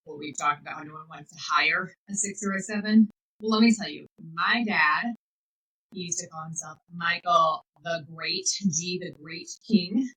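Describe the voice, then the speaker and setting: Energetic, slightly husky woman podcaster. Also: fairly low pitch, poor audio. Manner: energetic, enthusiastic. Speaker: podcast host and life coach. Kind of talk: motivational monologue.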